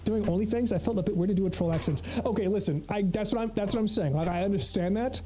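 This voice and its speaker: Over soft background music and in a low-quality recording, a streamer talks fast in a mellow, mid-range voice. It's casual gaming chatter: reading chat, rambling on, laughing often and cursing without holding back.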